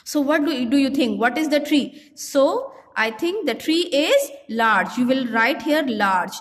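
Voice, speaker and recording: A woman's voice: sits high, expressive. Woman primary teacher, patient and explanatory, recorded with a long reverb tail. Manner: slow, explanatory, mixes Hindi into English. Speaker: primary school English teacher. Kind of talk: recorded online class lesson.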